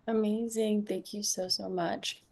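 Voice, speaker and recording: A woman's voice: mid-range voice, flat delivery, unhurried, a little mellow. A woman hosting a panel event, giving friendly scripted introductions. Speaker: program manager, event host.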